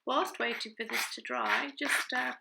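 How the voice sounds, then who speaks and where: A woman's voice: on the high side, wildly swooping pitch, moderate pace, creaky, very noisy. A woman in a casual crafting chat, thinking aloud as she works. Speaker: craft vlogger.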